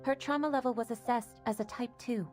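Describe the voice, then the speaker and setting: A woman's voice: on the high side, a little fast, faint music behind, natural voice. A woman voicing a stern female clinic official in a game who speaks formally and follows orders. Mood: clinical. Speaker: rehabilitation center staff in a game.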